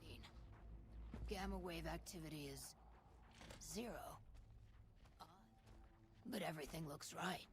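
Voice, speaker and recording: Terse, slow-speaking technician. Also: female voice, sits low. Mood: focused. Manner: terse, clipped reports. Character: cool, focused female technician. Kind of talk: video game dialogue.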